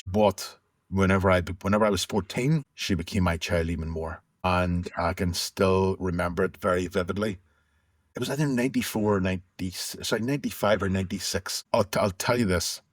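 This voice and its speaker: A middle-aged man speaks in a low, slightly husky voice, recalling his past in a candid, conversational way and often restarting his sentences. The recording is close and dry, with little room sound around him. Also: steady tone, a little fast, dry recording. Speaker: interview guest. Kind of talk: candid personal storytelling.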